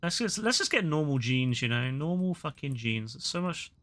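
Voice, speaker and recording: A man's voice: mid-range voice, very animated, moderate pace, fairly bright tone. A young man live-streaming a video game, talking casually with lots of swearing and mock-outraged banter.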